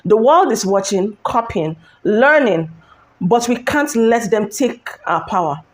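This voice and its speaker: A woman's voice: fairly high pitch, expressive, a little slow. Earnest rallying woman. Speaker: social media commentator. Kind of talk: earnest address to camera.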